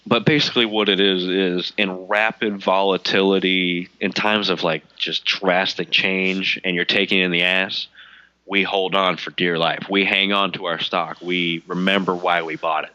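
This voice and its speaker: Man, deep voice, casual podcast chat, filler-heavy, dry muffled recording. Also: little pitch movement, moderate pace, pushed and bright, no echo. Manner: loose, swearing, lots of "like" fillers. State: recovering from a cold, coughing. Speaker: podcast co-host.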